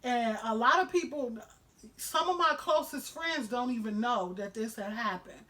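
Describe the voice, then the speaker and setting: A woman's voice: a little high, normal speed, pushed and bright. A woman vlogger telling a personal story to camera at home, emotional and candid, with a lot of "you know" fillers.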